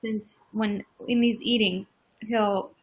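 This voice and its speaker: A woman's voice: mid-range voice, fairly even intonation, takes it slowly, breathy edge, highs cut off. A woman chatting casually with a friend, full of "like" fillers. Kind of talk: casual chat.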